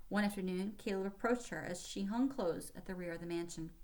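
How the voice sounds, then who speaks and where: A woman reading a children's historical novel aloud in steady storytelling narration. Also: medium pitch, fairly quick. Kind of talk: audiobook narration.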